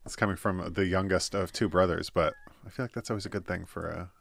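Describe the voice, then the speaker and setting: A man with a low voice hosts a podcast in easygoing casual chat, laughing often and answering with short agreeing replies. The sound is dry and close to the mic. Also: fairly even intonation, quick pace, vocal fry, no room sound. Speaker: podcast host.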